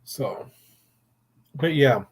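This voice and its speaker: A man's voice: medium pitch, lively intonation, very slow, husky. An older man, a grandfather, hosting a casual chat show and telling rambling stories in a blunt, profane way. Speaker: podcast host.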